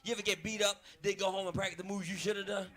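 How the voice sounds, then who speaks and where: A man performing a crude stand-up comedy set, telling loud stories on a club stage. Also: high-pitched, flat delivery, rapid-fire.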